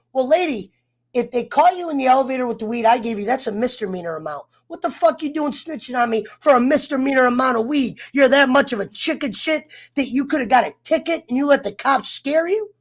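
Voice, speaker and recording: A man telling a personal story in casual chat, heated and profane, getting fired up as he talks. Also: very high voice. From United States. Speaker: round table guest.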